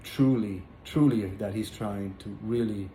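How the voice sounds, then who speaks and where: A man sharing a personal religious testimony in casual spoken storytelling, earnest and halting, with many fillers and repeated words. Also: fairly low pitch, mellow. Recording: echoey room with faint background noise.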